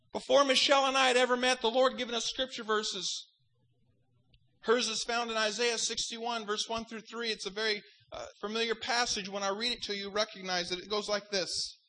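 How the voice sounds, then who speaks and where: A man's voice: high voice, little pitch movement, normal speed, pushed and bright, rough recording. A man pastor preaching a sermon, fervent in delivery and breaking into wry joking asides.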